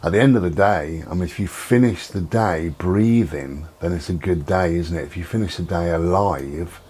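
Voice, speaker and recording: A husky, low-sitting male voice moves at a moderate pace as this middle-aged vlogger rambles about his day. It's a casual, chatty talk peppered with ums, recorded at home with the door and window open.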